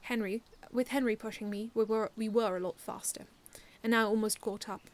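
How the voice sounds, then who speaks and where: A woman reading her own first-person fan story aloud in an earnest, expressive way, often restarting lines. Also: fairly high pitch, moderate pace.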